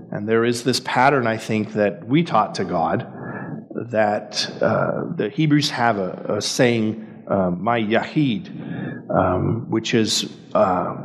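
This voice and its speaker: Guy running a bible study, lowish voice, chatty, asks the room questions, echoey hall. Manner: conversational, questions the group.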